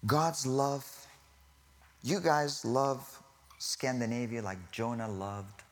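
A male preacher delivering a sermon with lively swings in loudness. He pushes his voice up in bursts, then sinks to an intimate near-whisper. He keeps correcting himself and breaking into laughing asides, at a mid-range pitch. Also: slow pace.

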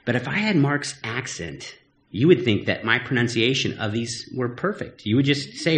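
A man's voice: mid-range voice, sing-song, moderate pace, a bit bright, a little hiss or hum. A man preaching a sermon in a conversational, earnest way, with teasing asides. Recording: echoey room.

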